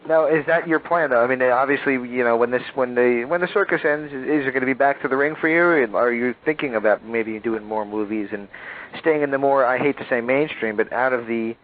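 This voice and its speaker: Interview host, friendly halting questioner, mid-pitched, thin phone-line sound. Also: male voice. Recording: tinny phone line with faint hiss.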